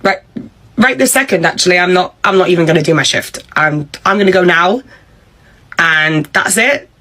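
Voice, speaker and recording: A woman's voice: fairly low pitch, expressive, normal speed, pushed and bright. A young woman, performing a comedy sketch as a fed-up employee. She talks in a blunt, sarcastic, exasperated way. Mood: defiant.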